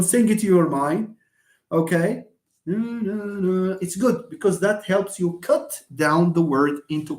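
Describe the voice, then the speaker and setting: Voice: mid-range voice, darkish tone. Teacher in a roomy space. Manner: patient, chatty, stretches words out slowly to count syllables; laughs often and answers students by name. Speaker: university English teacher. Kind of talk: live online lecture.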